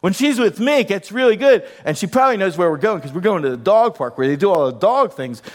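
Man playing a relaxed proud dog owner. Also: high voice, fast. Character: laid-back man showing off his dog.

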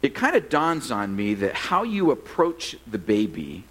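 Man, pastor, sermon, slightly raspy, very expressive intonation, conversational, self-deprecating humor. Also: medium pitch, a little slow, low-quality recording. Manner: earnest, softening to a quiet prayer. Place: church service.

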